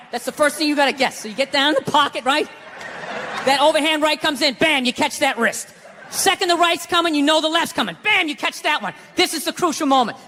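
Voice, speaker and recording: On a theater stage before a live audience, a man with a very high voice performs stand-up, ranting through a profane story. The hall echoes with crowd laughter, and there is background noise.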